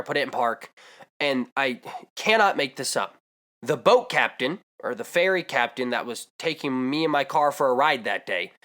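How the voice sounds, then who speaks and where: A man's voice: mid-range voice, fairly bright tone. A young man vlogging, telling a comedic story with exaggerated asides and rambling digressions.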